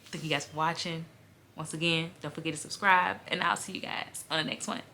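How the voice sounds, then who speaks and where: A woman vlogger talks about books she loves in a bright, forward voice that sits a little low. She is chatty and emotional, sprinkling in "y'all" and laughing as she gushes over her picks. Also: brisk, slight background noise. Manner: gushing and animated, laughs while talking. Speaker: book vlogger. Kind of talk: casual book review vlog.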